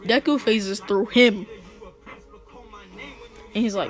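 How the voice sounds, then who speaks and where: Woman, casual storytelling, slangy and joking, laughs a lot, mid-pitched, faint background music. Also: a little slow. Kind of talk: casual fan-fiction storytelling.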